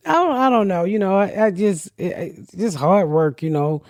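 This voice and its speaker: A woman's voice: medium pitch, expressive, a little slow, a little mellow, dry recording, studio quality. Brash, profane woman podcast host. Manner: brash, profane, laughing storyteller. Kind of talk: casual podcast chat.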